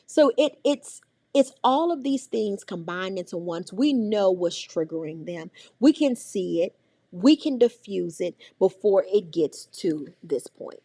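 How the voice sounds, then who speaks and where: A middle-aged woman, teaching a parenting workshop in an animated way and acting out the voices of scolding adults and children. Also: mid-range voice, measured pace, dry recording, clean studio sound. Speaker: early childhood trainer.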